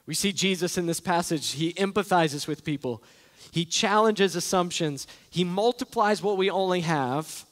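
A pastor preaches a sermon in a large church sanctuary, earnest and emphatic, repeating key phrases. His voice is high-pitched at a moderate pace, and the recording is echoey as in a church hall.

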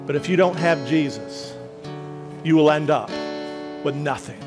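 High-voiced male minister telling a story. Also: over music, poor audio. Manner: dramatic, slowing and softening for emphasis. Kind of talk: sermon storytelling.

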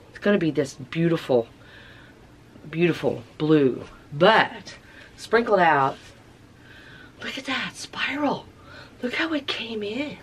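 Craft vlogger, woman, unhurried, coos and whispers at her work. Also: mid-range voice, big pitch swings, a little hiss or hum. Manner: gushing, talks softly to the colors, drops into whispers. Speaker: craft vlogger reviewing tie-dye colors. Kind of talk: casual narration while working.

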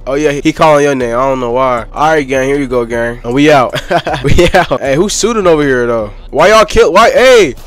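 A young man giving excitable, slang-heavy commentary over his own gameplay and trash-talking other players. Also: mid-range voice. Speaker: gaming streamer.

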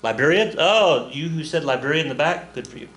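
A man's voice: on the high side, fairly quick, roomy sound. A man teaching a recorded history lesson, joking and acting out little voices as he explains. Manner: animated, jokey, acts out voices and counts dance steps. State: out of breath. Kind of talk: recorded classroom lecture.

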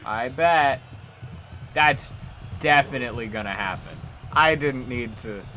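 A man's voice: mid-range voice, unhurried, pushed and bright, slight background noise. A man giving playful gameplay commentary as a streamer, joking and talking back to the game characters. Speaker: let's play streamer.

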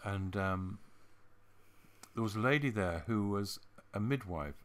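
A man co-hosting a podcast, telling stories in a relaxed, halting, anecdotal way. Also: on the low side. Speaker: podcast co-host. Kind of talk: casual storytelling chat.

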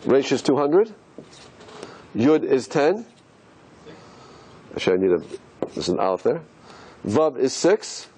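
Animated rabbi, husky voice, lively. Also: male voice, mid-range voice, a little slow, long pauses. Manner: rhetorical questions, animated and musing. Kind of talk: teaching lecture.

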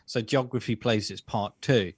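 A man's voice: fairly low pitch, steady tone, normal speed, husky, dry recording. A man from England, a podcast guest and author, talking casually and sarcastically, often repeating words as he builds a point. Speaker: guest, author and social commentator.

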